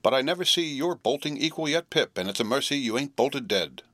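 A man's voice: medium pitch, expressive, a little fast, fairly bright tone, no room sound, pitched above the performer's own voice, natural voice. A man reading an audiobook, voicing a good-natured, simple village man who speaks in a confidential rustic dialect. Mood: worried earnest. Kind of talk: audiobook character voice.

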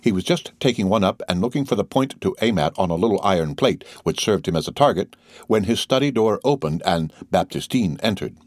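A man narrating a classic novel as an audiobook in a measured, even way. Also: deep voice, no echo, studio quality.

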